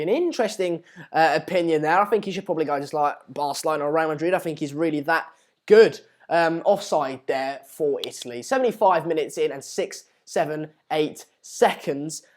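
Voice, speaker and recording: A Swedish man with a slightly high voice hosts a live football watchalong at a moderate pace. He chats casually about the play and reads viewers' comments aloud as the stream goes on.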